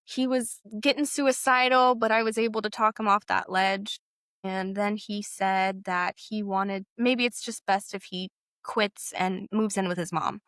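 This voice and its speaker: A woman's voice: medium pitch, fairly even intonation, unhurried, fairly bright tone, dry recording, clean studio sound. A young woman telling a candid personal story, reflective and full of casual fillers. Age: young adult. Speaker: interview guest.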